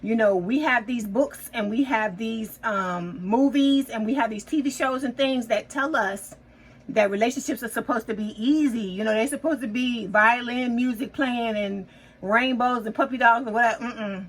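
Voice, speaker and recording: A woman's voice: on the high side, moderate pace, breathy edge, rough recording. A woman giving a casual tarot reading to her viewers, chatty and reassuring, often checking in with "okay?". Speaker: tarot reader.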